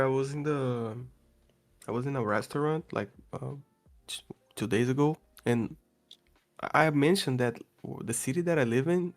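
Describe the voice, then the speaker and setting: Animated man who keeps saying bro. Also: mid-range voice. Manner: animated, repeats words, says bro a lot. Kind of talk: casual chat.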